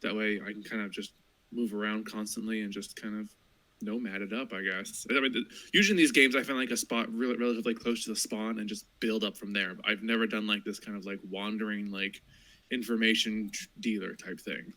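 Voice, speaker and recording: Man, bright tense tone, lowish pitch, hesitant, thinking aloud, casual chat. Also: steady tone, fairly quick, low-quality recording. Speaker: podcast co-host.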